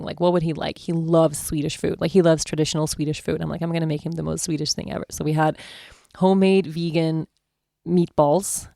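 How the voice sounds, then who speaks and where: A woman in her thirties chatting casually on a vlog, telling a warm family story in a gushing way full of "like" and "I mean". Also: fairly low pitch, gravelly, no room sound, studio quality. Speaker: vlogger.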